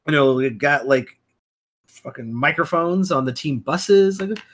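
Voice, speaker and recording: A man's voice: on the high side, lively intonation, measured pace, fairly bright tone. A man co-hosting a fantasy basketball podcast, talking casually and emphatically, repeating his points with plenty of fillers. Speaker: podcast co-host.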